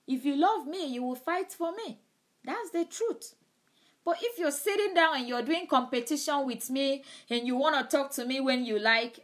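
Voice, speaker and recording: A woman preaching in a live-streamed sermon, emphatic, and often repeating her key phrases. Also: sits high.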